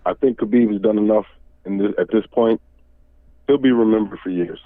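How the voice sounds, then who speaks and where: A man calling in to a livestream show, giving a quick joking opinion. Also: on the low side, no echo. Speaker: call-in caller. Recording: tinny phone line.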